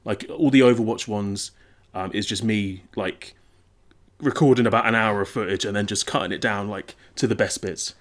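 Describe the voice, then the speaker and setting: A young English man with a southern English accent giving casual, rambling let's-play commentary, self-mocking and quick to swear. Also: lowish voice, steady tone. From English Midlands. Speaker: gaming YouTuber.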